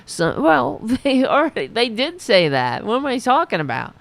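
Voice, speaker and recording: A woman hosting a political commentary show, reading news items and breaking off into sarcastic, profane rants in a slightly raspy voice. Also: a little high, huge pitch swings, moderate pace, no room sound. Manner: sarcastic, profane, reads news then riffs.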